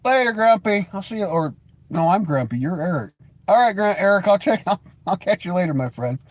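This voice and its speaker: A man's voice: sits high, lively intonation, fairly quick. Sarcastic stammering male streamer. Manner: mocking, sarcastic teasing with frequent stammered restarts; laughs often. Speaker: live-stream host. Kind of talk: casual live-stream chat reading the chat.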